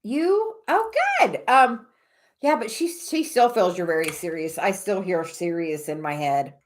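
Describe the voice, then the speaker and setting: A woman's voice: lowish voice, expressive, normal speed. A woman giving oracle card readings on a casual livestream, rambling with many fillers and restarts.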